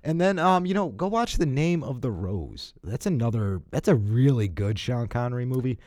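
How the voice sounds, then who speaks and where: A man's voice: medium pitch, normal speed. A man co-hosting a podcast, joking wryly while chatting about movies. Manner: joking, wry, very animated. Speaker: podcast co-host. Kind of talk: casual chat about movies.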